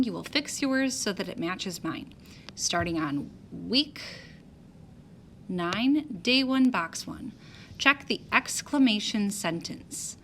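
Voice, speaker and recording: Woman teacher, patient, step-by-step explaining, medium pitch, faint hiss behind. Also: a bit bright. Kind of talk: classroom lesson walkthrough.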